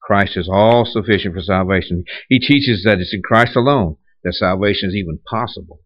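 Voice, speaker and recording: Low-voiced man preaching a sermon. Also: a little fast, dry recording, muffled recording. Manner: conversational preaching with repeated restarts and rhetorical questions. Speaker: pastor.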